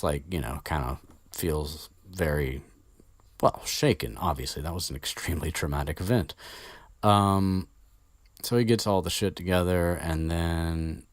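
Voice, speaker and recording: A podcast host with a deep voice, close to the mic with no echo, casually retells a story. He rambles, swears and uses many fillers.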